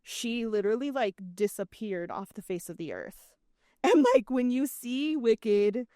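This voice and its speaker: A woman co-hosting a podcast in casual chat, talkative and animated with quick asides. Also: a little high, no echo, studio quality. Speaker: podcast co-host.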